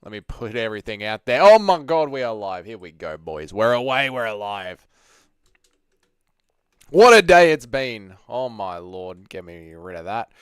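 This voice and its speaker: Lively man streaming live. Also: medium pitch, unhurried, clear, resonant tone, no room sound, studio quality. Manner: lively, swearing, chatty with viewers. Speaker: streamer host. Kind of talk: casual live stream chat.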